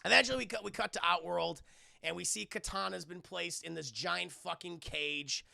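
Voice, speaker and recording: Gravelly, sarcastic man recapping a film. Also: sits high, normal speed, pushed and bright, dry recording. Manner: sarcastic, swears a lot, acts out scenes. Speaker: streamer reviewing a film for live chat. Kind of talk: casual profane film recap.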